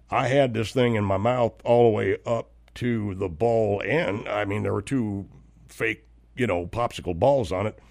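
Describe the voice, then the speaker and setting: A man's voice: on the low side, no echo, natural voice. A man playing a flustered suburban husband who stammers and trips over his words as he airs an indignant grievance in a comedic monologue. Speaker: host of a comedy segment.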